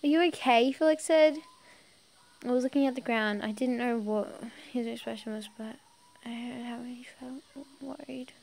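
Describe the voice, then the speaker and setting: A woman's voice: fairly high pitch, steady tone, normal speed, gravelly, darkish tone, poor audio. A young woman reading a fan story aloud, breaking off to giggle and comment, often stumbling over words. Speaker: fan fiction reader.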